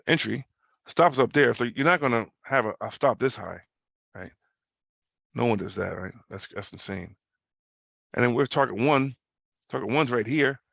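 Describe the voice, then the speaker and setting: A man's voice: mid-range voice, lively intonation, moderate pace, creaky, long pauses, a bit bright, no room sound. A man hosting a casual trading talk over a video call, loose and slangy, repeating himself and tagging questions onto his points. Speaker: host. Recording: muffled video call audio.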